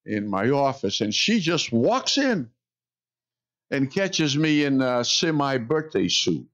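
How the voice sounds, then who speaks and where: Male pastor, sermon, slow delivery, wry storytelling, dull lo-fi sound. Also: medium pitch, a bit bright. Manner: unhurried storytelling with wry jokes.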